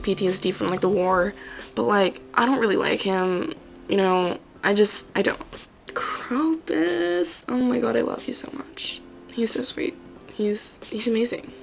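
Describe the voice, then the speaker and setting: Chatty young woman with a gravelly edge. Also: medium pitch. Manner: chatty, swears freely, lots of fillers. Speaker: gaming YouTuber. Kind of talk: casual ranking commentary.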